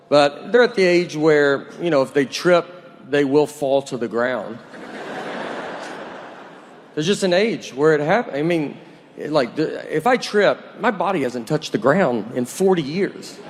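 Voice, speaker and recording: A man's voice: fairly high pitch, expressive, unhurried. A man in his forties doing a stand-up comedy routine, dry, rambling and self-deprecating. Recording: noisy live recording.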